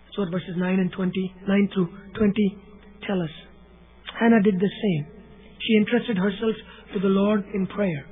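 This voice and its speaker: High-voiced man preaching a sermon. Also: steady tone, normal speed. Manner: repeats key phrases, drops to a hush for emphasis. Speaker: pastor. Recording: tinny phone-like sound with faint hum.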